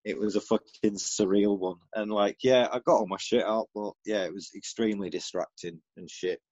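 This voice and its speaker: A man's voice: on the low side, fairly even intonation, normal speed, darkish tone, no echo, highs cut off. A man, a battle rapper from the UK, chatting casually as a guest and telling stories with plenty of swearing. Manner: sweary, laid-back, storytelling. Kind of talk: casual interview chat.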